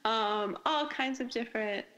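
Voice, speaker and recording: A woman's voice: on the high side, a little slow, a bit bright, low-quality recording. A woman author, a guest on a podcast interview, chatting casually and enthusiastically, with lots of fillers and restarts. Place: podcast recording.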